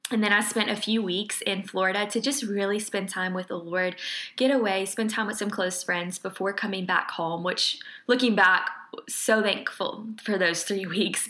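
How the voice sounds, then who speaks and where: A young woman with a bright, clear voice talks through her faith journey in an easy, conversational way. She is earnest and open, often laughing, and fills her sentences with "like". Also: mid-range voice. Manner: earnest, emotional, laughs often, uses "like" a lot. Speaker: guest. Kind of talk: casual faith testimony chat.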